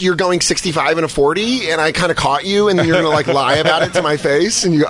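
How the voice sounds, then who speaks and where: A man's voice: a little high, fast talker, hardly any pauses, a bit bright. A man co-hosting a comedy podcast, riffing and slipping into silly voices as he jokes. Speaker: podcast co-host. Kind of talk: comedic banter.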